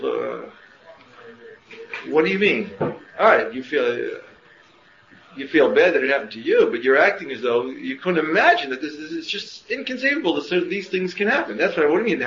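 Homem dando aula em sala ecoante. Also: male voice, medium pitch, fairly bright tone, slight background noise. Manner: questioning, rhetorical, many restarts. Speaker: Torah teacher. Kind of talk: classroom lecture. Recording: muffled roomy classroom recording with faint ambience.

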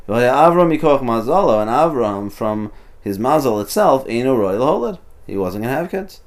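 A man's voice: medium pitch, darkish tone. A man teaching an informal text study, translating passages and explaining them as he goes, often restarting and adding "you know". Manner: thinks aloud, restarts, many "you know"s. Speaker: Torah teacher.

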